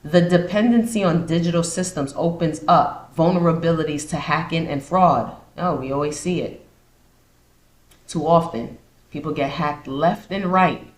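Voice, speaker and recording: A woman's voice: sits low, normal speed. A woman hosting a podcast, reading points aloud and then riffing on them with sarcastic asides. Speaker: podcast host. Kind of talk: casual commentary podcast. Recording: roomy echo.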